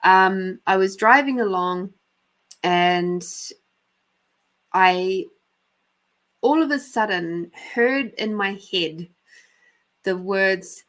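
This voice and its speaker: An Australian woman hosts a live show of psychic readings and storytelling, chatting as an intuitive reader with frequent laughter and the odd casual swear. Her voice is medium-pitched and a bit bright, and she speaks extremely slowly with long pauses.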